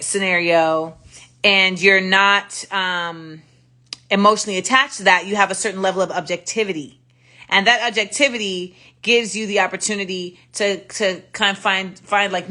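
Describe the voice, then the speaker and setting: A woman hosting a casual livestream chat, telling stories in an animated way and acting out the exchanges with blunt profanity. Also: mid-range voice. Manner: animated storytelling, acts out quoted exchanges with profanity. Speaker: livestream host. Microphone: phone livestream.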